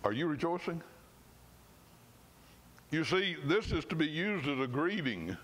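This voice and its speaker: A man, a pastor, preaching a sermon in church. He reads scripture slowly and with emphasis, and at times his voice drops suddenly soft. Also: a little high, very animated.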